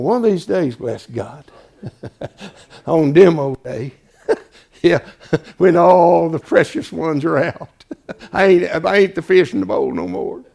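A man preaching a folksy sermon, swinging from hushed asides to shouting. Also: fairly high pitch, gravelly.

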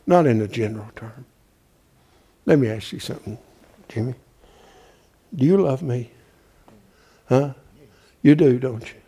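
A man preaching a folksy sermon, calling out to his congregation and swinging from loud to hushed. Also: medium pitch, animated, unhurried, long pauses, breathy edge.

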